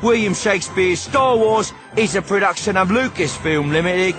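A man's voice: high-pitched, normal speed. A man reading audiobook closing credits in a polished announcer style. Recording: voice over loud music bed.

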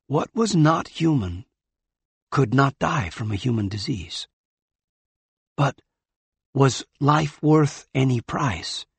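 A male audiobook narrator with a measured, grave delivery. His voice is slightly husky and he takes his time over every line. The recording is close and dry. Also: mid-range voice, no echo. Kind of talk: scripted narration.

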